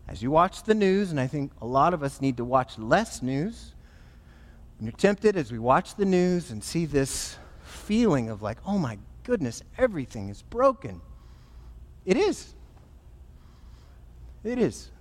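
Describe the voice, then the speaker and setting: A man, a pastor, preaching a sermon in an animated, emphatic way. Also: a little high, measured pace, long pauses, long reverb tail.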